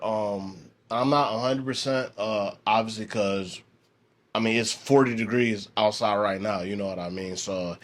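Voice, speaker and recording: Easygoing male podcast host, average pitch, talking loosely with lots of "um"s. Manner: laid-back, rambling, many fillers. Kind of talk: casual podcast chat.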